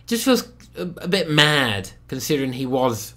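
A young man reviewing a film in a sarcastic comedic commentary, swinging between loud outbursts and muttered asides. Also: on the high side, sing-song, moderate pace.

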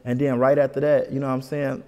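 A man from Michigan, a comedian guest, telling a story in an animated, casual way in an interview. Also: medium pitch, quick pace, big-room sound, muffled recording. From Detroit, Michigan. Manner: animated, keeps saying "you know what I'm saying".

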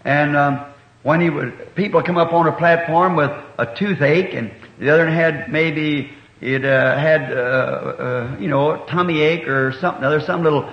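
A man's voice: a little high, moderate pace. A middle-aged man preaching in a folksy, colloquial way, spinning homespun stories with rural grammar in a church meeting hall. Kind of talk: folksy sermon storytelling. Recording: echoey, dull 1960s meeting recording.

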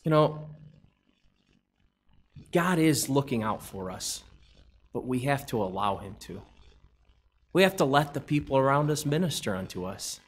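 A man's voice: medium pitch, big pitch swings, a little slow, long pauses, a little hiss or hum. A man preaching a church sermon, asking a string of rhetorical questions and reading scripture aloud. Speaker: pastor.

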